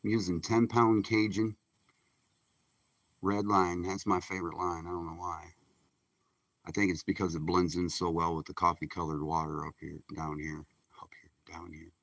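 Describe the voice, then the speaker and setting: A man's voice: low voice, flat delivery, normal speed, creaky, long pauses, fairly bright tone, no echo. A man from Michigan chatting casually and folksily while fishing from a kayak on a creek during a live stream. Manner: laid-back, chatty, folksy. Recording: distant mic outdoors with faint noise.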